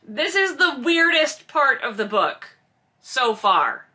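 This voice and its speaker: Bright, sarcastic woman roasting a novel. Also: high-pitched, sing-song, slow pace. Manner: sarcastic, mocking asides and exasperated rants. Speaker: host reading and commenting on a novel. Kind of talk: comedic book commentary.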